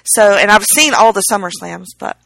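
A woman's voice: medium pitch, expressive, normal speed, gravelly, a bit bright, a little hiss or hum. A woman co-hosting a podcast in casual chat, making wry jokes. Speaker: podcast co-host.

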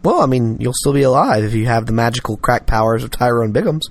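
A man's voice: mid-range voice, expressive, fast talker. A man co-hosting a casual podcast, with dry, sarcastic ribbing. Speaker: podcast co-host. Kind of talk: casual comedic podcast chat.

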